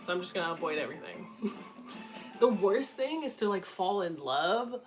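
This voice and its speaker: A woman's voice: on the low side, animated, moderate pace, soft background music, rough recording. A woman in her twenties chatting casually and candidly, blunt and profane, laughing often. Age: 20s. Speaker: content creator answering questions.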